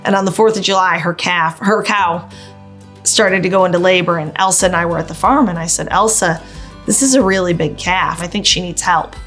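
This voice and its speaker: A woman's voice: fairly low pitch, fairly quick, fairly bright tone, faint music behind. A middle-aged woman farmer from upstate New York, telling a story in a documentary interview with heartfelt emotion. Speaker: farmer and mother.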